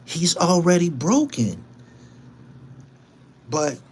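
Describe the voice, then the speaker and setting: A man's voice: a little high, very animated, very slow, a little mellow, slight background noise. A man hosting his own show, delivering a heated, boastful, profane monologue and repeating himself for emphasis. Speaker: show host. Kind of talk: angry monologue to camera.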